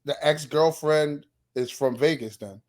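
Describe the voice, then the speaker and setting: A man with a New York accent in casual podcast chat, his voice sitting a little high. He talks in an easygoing way and keeps his co-host going with quick agreement. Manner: relaxed, agreeable, chimes in with short replies.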